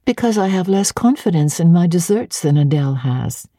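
A woman reading an audiobook, voicing a reserved young governess who answers in a measured, polite manner. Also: fairly low pitch, expressive, dark tone, no room sound, clean studio sound. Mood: composed.

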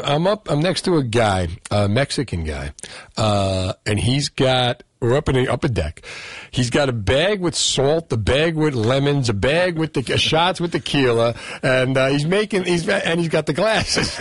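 Animated joking male radio host. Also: fairly high pitch, normal speed, no echo. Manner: joking, animated, laughs often. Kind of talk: casual radio talk with callers.

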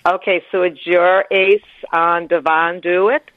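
Slow halting caller, dull muffled phone sound, dry. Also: mid-range voice, little pitch movement, no room sound. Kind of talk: phone-in question.

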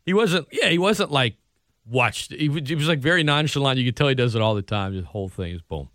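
A man hosting sports talk radio in casual chat, animated and laughing often. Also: mid-range voice, brisk, dry recording, studio quality.

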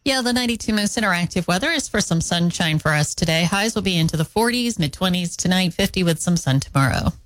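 Low-voiced female radio co-host. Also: expressive, fast, hardly any pauses, poor audio. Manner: easygoing storyteller. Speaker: radio morning show co-host. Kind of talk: casual radio chat and feature story. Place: radio studio. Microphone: studio microphone.

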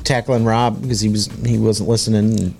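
A man's voice: fairly low pitch, level tone, brisk, vocal fry. A man co-hosting a radio show, joking around playfully and laughing along. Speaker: radio co-host. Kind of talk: casual radio chat.

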